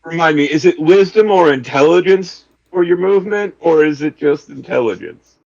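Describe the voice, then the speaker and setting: A man's voice: fairly high pitch, animated, normal speed, vocal fry, darkish tone. A man playing a tabletop game, chatting casually about his character's stats. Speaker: player. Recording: muffled lo-fi mic.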